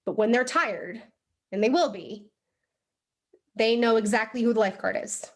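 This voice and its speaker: A young woman giving a motivational training talk to a live group, animated and chatty, full of "like" and "right?". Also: on the high side, moderate pace. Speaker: sales team trainer. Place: room with a live audience.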